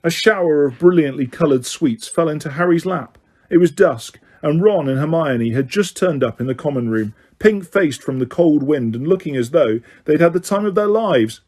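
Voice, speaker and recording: A man's voice: a little high, moderate pace. A man narrating a novel as an audiobook, reading steadily with the odd stumble. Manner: steady reading, occasional slips. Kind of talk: scripted narration.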